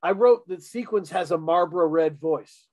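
A man's voice: a little high, normal speed, darkish tone, dry recording. A man co-hosting a casual podcast chat about an album, talking enthusiastically with lots of fillers and restarts. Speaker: podcast co-host reviewing an album.

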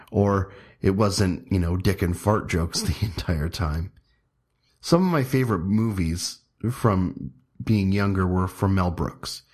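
A man's voice: low-pitched, darkish tone, slightly rough. A man in his thirties hosting his own podcast, talking casually and rambling a bit with fillers and restarts. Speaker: podcast host. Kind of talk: casual solo podcast talk.

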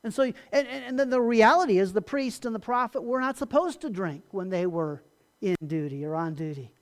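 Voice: mid-range voice, lively intonation, fairly quick. A pastor preaching a sermon in a conversational way, often restarting phrases and acting out short bits of dialogue. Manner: acts out dismissive replies in dialogue.

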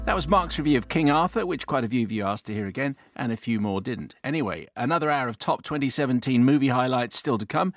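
A man's voice: medium pitch, lively intonation, quick pace, hardly any pauses, faint music behind. Wry man presenting on the radio. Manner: wry, teasing. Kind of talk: casual radio banter. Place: radio studio.

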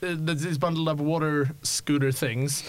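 A man's voice: on the high side, fairly even intonation, normal speed, slight background noise. A young man narrating as game master of a tabletop game, rambling with many fillers and restarts. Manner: rambling, lots of likes and restarts.

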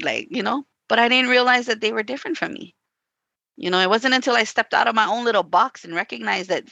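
This podcast co-host has a high-leaning, gravelly, bright voice with a forceful tone, speaking fairly quickly with no echo. In casual conversation she relates stories, acting out what people said and leaning heavily on "like" and "you know."

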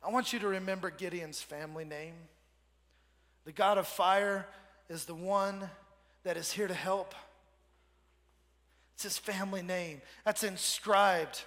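A male pastor with a high, bright voice preaches with energy. He leads the congregation in call-and-response. His voice carries a long hall reverb. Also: fairly even intonation, a little slow, pauses often. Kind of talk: sermon.

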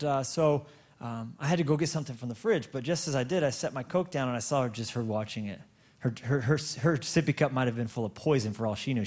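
A man preaching a sermon, telling a story with many stammered restarts and repeated words, and slowing down to stretch words for emphasis. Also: mid-range voice. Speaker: pastor.

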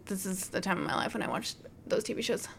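A woman's voice: medium pitch, lively intonation, quick pace, creaky, a bit bright, slightly rough. A woman co-hosting a casual chat with a wry, self-deprecating way of talking.

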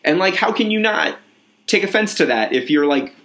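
Young man, podcast co-host, casual chat, rambling, filler-heavy, animated. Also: high voice, normal speed. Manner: animated storytelling with acted-out quotes.

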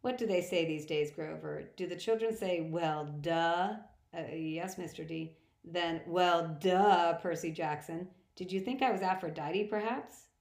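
A woman's voice: lowish voice, unhurried, creaky, darkish tone. A woman voicing a petulant, scornful male wine god with a mocking drawl, in an echoey room.

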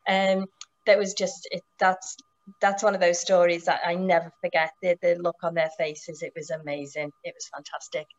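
A woman's voice: on the low side, flat delivery, moderate pace, highs cut off. A middle-aged woman who runs motorcycle tours, telling stories in a casual, enthusiastic way with many restarts and fillers. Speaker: motorcycle tour operator. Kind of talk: casual storytelling.

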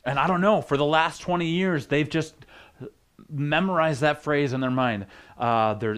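A man's voice: a little high, moderate pace, a bit bright, clean tone. A man preaching as a pastor, teaching in a casual way with joking asides and frequent restarts.

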